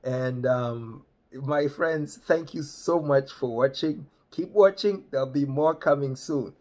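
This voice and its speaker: A man with a Kenyan accent telling a funny personal story in a playful, animated way. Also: mid-range voice, slow.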